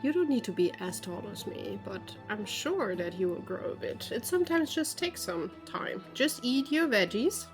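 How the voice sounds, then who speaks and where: A woman player speaking in character in a tabletop role-play, with a gentle, reassuring and patient manner. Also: fairly high pitch, very animated, normal speed, hardly any pauses, soft background music.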